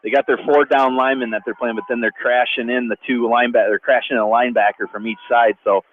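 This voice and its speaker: A man's voice: mid-range voice, fast. A man with an ordinary mid-range voice adds color commentary between plays, explaining what the linemen and runners did. He speaks in an easy, conversational way. The radio feed is thin and phone-like with a faint hiss. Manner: relaxed, analytical, conversational.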